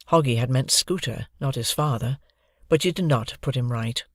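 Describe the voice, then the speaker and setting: An audiobook narrator reading a children's adventure novel in a lively, expressive manner, close to the microphone. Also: medium pitch, moderate pace, no echo.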